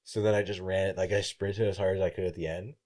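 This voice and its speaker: A man's voice: low voice, fast talker. A young man, a college baseball player, guest on a podcast, telling a story casually and acting out what people said, with plenty of swearing. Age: young adult. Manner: animated, acts out quoted voices, swears freely.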